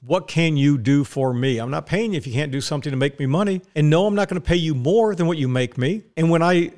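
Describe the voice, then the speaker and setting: Male podcast host, blunt and profane, weary, slightly raised pitch, studio mic. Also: fast talker, darkish tone. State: tired. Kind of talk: casual monologue. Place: recording studio.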